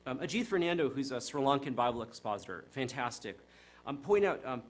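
A middle-aged man from the Chicago area delivers a sermon in an earnest, reflective tone. His voice sits in an ordinary middle pitch, and he speaks conversationally, often pausing on fillers and correcting himself mid-sentence. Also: expressive. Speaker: preacher.

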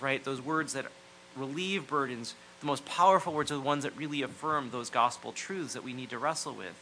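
A man preaching a sermon, earnest and reflective, often dropping to a near hush to stress a point. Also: mid-range voice, a little hiss or hum, low-quality recording. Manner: earnest, reflective, drops to near-hushed phrases for emphasis.

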